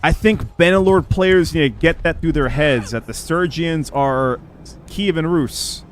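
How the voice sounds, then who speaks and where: A man's voice: a little high, unhurried, a little hiss or hum. A man streaming gameplay live, chatting with viewers in an opinionated, talkative way.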